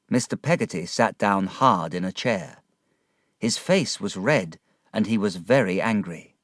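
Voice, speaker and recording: Slow careful guy reading a story for learners, dry close sound. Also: fairly low pitch, expressive, fairly bright tone, dry recording. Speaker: reader of graded stories.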